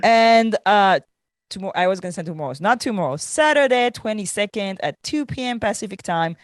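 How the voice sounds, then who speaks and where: A woman's voice: mid-range voice, lively intonation, fairly quick, no echo, clean studio sound. A woman with a French accent co-hosting a podcast, chatting in a loose, laughing way with many fillers; she sounds tired. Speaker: podcast co-host. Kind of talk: casual podcast chat.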